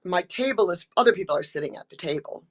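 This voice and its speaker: An older American actress telling stories in a casual interview, chatty and full of ums and restarts, acting out quotes. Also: female voice, on the low side, animated, quick pace, breathy edge.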